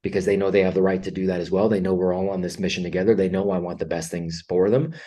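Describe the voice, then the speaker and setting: Deep-voiced man telling personal stories. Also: level tone, fast talker, mellow. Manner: earnest, reflective, frequent fillers and restarts. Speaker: podcast guest. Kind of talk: candid conversational storytelling.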